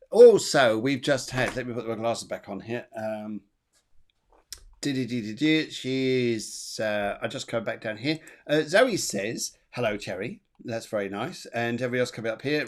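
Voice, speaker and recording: A man hosting a live psychic reading show, chatty, repeating his words and laughing often. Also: medium pitch. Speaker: medium and show host.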